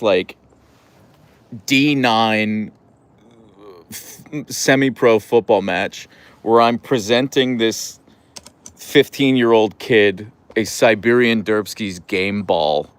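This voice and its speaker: A man chatting casually on a live stream about his dog, rambling and self-deprecating. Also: no room sound. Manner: high cooing baby talk to his dog.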